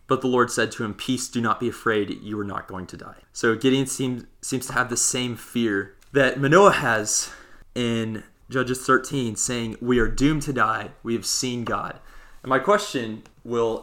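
A man's voice: mid-range voice, fairly bright tone, roomy sound. A man leading a conversational Bible study, reading passages aloud and putting questions to his co-host. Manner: reads scripture aloud, quizzes his co-host.

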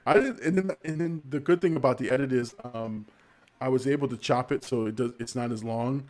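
A man's voice: medium pitch, fairly quick, darkish tone. A man in his forties hosting a casual livestream podcast, chatty and rambling, laughing often. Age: 40s. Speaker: podcast host.

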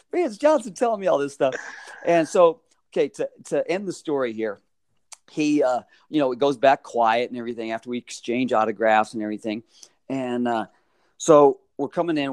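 A man's voice: mid-range voice, no echo, clean studio sound. A man telling a story in casual chat, acting out quotes with lots of laughter. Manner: animated, acts out quotes with laughs.

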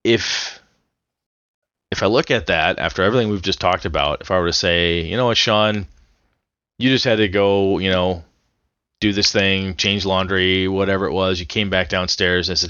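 A man with a very low voice and a bright, forceful edge to it, talking casually on a podcast. He rambles through his story, restarting sentences as he goes. The sound is dry but a little dull and lo-fi. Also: moderate pace, no room sound. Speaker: podcast co-host. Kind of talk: casual chat about tabletop gaming.

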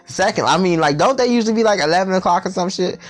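A man telling a storytime tale in a vlog, animated and full of profanity and slang. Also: high voice, fast talker.

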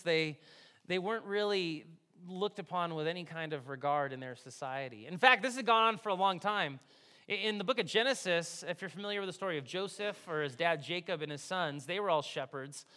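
Male pastor, sermon delivery, conversational and animated, with a high, bright voice. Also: clear, resonant tone. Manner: animated, conversational preaching with big swings from hushed to loud.

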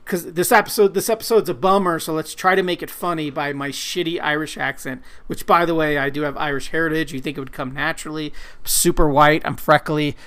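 A man's voice: fairly high pitch, fairly even intonation, fairly quick, a bit bright. A man co-hosting a casual podcast, rambling and swearing in a self-deprecating way. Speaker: podcast co-host, comic colorist.

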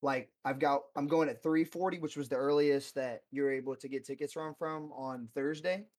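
Young guy on a podcast, kinda higher voice, laid back, says bro a lot. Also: steady tone, normal speed, darkish tone. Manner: laid-back, storytelling with slang like bro and dude. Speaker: podcast guest. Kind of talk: casual chat.

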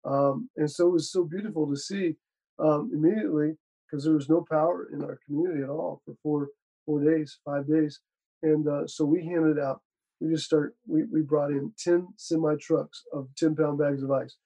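A man's voice: a little high, fairly even intonation, normal speed, mellow, poor audio. A man who is a pastor, talking with fervent, preacherly conviction in casual conversation, repeating words as he speeds up.

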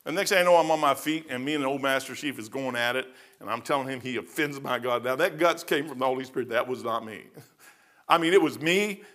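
A man's voice: mid-range voice, fairly quick, a bit bright. A middle-aged man, a pastor, giving a verse-by-verse sermon in a folksy, conversational way with personal stories.

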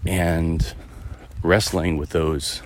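A man with an extremely low, deep voice muses aloud in a casual, rambling monologue, full of fillers and restarts. He is out on a walk outdoors, with a faint hiss of noise behind him. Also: level tone, extremely slow. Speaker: podcast host. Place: outdoors, walking a dog through a neighborhood.

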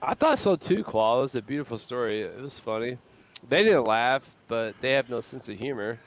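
A man's voice: medium pitch, lively intonation, moderate pace. A man calling into a live stream, chatting crudely and telling a rowdy, profane story. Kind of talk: crude casual chat.

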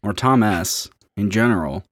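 A man co-hosting a podcast in casual chat, rambling and halting with lots of fillers. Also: on the low side, animated, no room sound. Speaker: podcast co-host.

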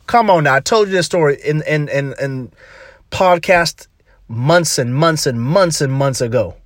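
Emphatic slangy man, higher voice. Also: unhurried, no echo, clean studio sound. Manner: emphatic, slangy, repeats phrases for punch. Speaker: podcast host. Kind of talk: motivational podcast talk.

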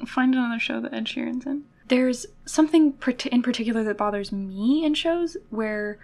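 Chatty high-voiced woman podcast co-host. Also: normal speed, vocal fry, darkish tone. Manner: chatty, laughs often, critical opinions. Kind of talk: casual chat.

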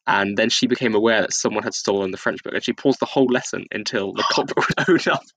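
A man's voice: fairly low pitch, fast, fairly bright tone, no room sound, rough recording. A man co-hosting a podcast, telling rambling school anecdotes with frequent giggles. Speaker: podcast co-host. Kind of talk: casual chat.

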